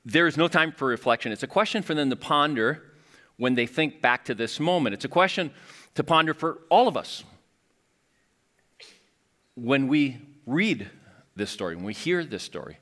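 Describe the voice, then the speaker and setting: A man preaching a sermon as lead pastor, his voice bright and forward. He talks in a conversational way, correcting himself as he goes. His pitch swings up and down freely, and he slips into quoted voices with light laughs. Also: animated, moderate pace, long pauses.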